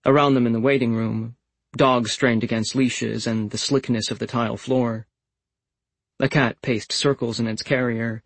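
A man reading a literary audiobook in a calm, understated way. His voice is husky, with a gravelly fry at the ends of phrases. The sound is close and completely dry. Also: mid-range voice, moderate pace, no room sound, low-quality recording. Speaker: audiobook narrator. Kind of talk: scripted literary narration.

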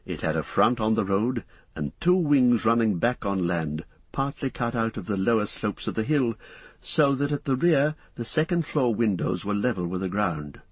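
A man narrating a book aloud, in a husky voice with measured, descriptive storytelling. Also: fairly low pitch, expressive, dry recording. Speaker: audiobook narrator. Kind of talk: scripted narration.

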